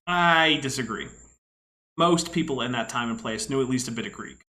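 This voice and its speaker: A man's voice: medium pitch, expressive, moderate pace, bright, forceful tone, rough recording. A man commenting casually on clips, explaining things at length in an analytical way with frequent asides. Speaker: podcast co-host.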